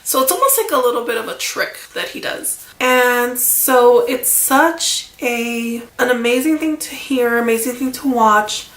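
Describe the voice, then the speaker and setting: A woman tells a casual storytime to camera, wandering off on asides and filling gaps with "um" and "like." Her voice is bright and a little gravelly, sitting slightly high. The room around her sounds echoey. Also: a little slow, hardly any pauses. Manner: rambling, chatty, many fillers and asides. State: emotional, near tears. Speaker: vlogger.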